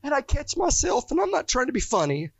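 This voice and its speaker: A man's voice: very high-pitched, huge pitch swings, fairly quick, no echo. A man preaching a sermon, telling his own stories with fervent emotion. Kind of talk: testimonial sermon. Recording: dull, dry lo-fi recording.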